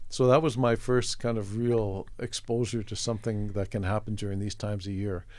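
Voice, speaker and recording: A middle-aged man from Canada, an artist guest telling a story in a chatty, relaxed way, acting out the voices of the people in it. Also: lowish voice, moderate pace, no echo. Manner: chatty, acts out quoted voices, chuckles often.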